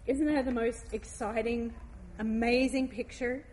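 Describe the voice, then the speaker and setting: A woman giving a heartfelt devotional talk, reading scripture aloud slowly and gently. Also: fairly high pitch, slight background noise.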